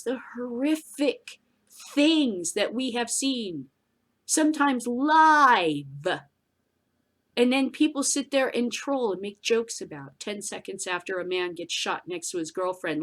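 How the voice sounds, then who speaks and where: Blunt, profane woman ranting. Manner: blunt, profane, swings between shouting and low muttering. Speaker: podcast host. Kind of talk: ranting commentary.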